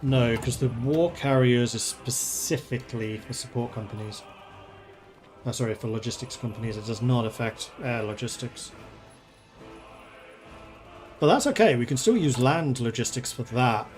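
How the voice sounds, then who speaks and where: A man talking through a war strategy game on stream, musing aloud in a relaxed, playful way. His voice sits at a middling pitch, and soft music plays faintly behind him. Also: normal speed, pauses often. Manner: thinking aloud, chatty and playful. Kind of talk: casual gameplay commentary.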